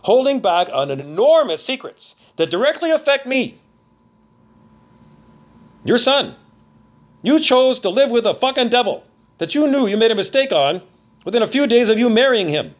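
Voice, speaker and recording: A man's voice: extremely high pitch, animated, normal speed, long pauses, lo-fi sound. A middle-aged man from Canada ranting angrily to camera, profane, accusatory and repetitive. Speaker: vlogger. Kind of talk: angry rant to camera.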